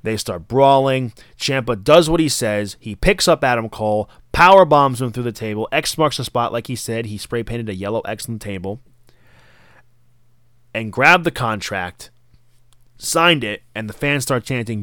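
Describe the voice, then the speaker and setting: Male podcast host, casual wrestling recap, smooth tone, dry close sound. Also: mid-range voice, moderate pace, fairly bright tone, dry recording. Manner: enthusiastic, acts out quoted lines. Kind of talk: casual wrestling review monologue.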